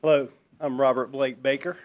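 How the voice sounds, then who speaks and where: Man at a council hearing, smooth clear voice, easygoing and folksy with frequent ums. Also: medium pitch, moderate pace, lo-fi sound. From Virginia, US. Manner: relaxed, folksy, lots of ums. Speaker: resident speaking at public hearing. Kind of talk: public comment at a council meeting. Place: town council chamber.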